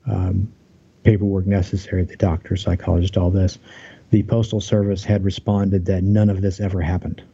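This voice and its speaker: A man's voice: sits low, dark tone, breathy edge, muffled recording. A man as an interview guest, earnestly telling his story of a workplace conflict, aggrieved, with many restarts.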